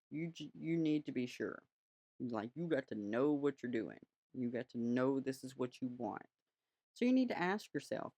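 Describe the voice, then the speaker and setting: A woman's voice: low voice, darkish tone, no room sound. A woman hosting her own podcast, talking casually and frankly from her home altar room, swearing now and then. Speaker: podcast host. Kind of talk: casual solo podcast talk.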